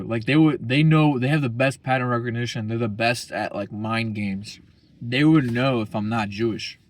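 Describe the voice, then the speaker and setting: A man's voice: medium pitch, no room sound. A young man talking casually as a vlogger, rambling and profane, full of slang. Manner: slangy, profane, rambling, keeps saying bro.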